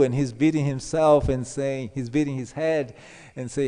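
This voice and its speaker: A man's voice: a little high, unhurried, warm tone. Man giving a sermon in a reverberant hall. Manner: storytelling, acts out quoted dialogue. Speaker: speaker giving a scripture class.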